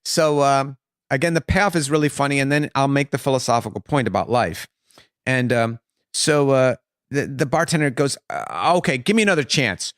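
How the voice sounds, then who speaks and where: A man telling a long joke in casual conversation, halting with many fillers and restarts. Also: mid-range voice, clear, resonant tone, dry recording, clean studio sound.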